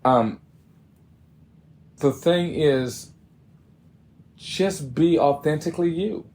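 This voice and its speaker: A man's voice: on the high side, extremely slow, darkish tone. A man co-hosting a podcast in a casual chat, laid-back and laughing as he gives advice. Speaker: podcast co-host.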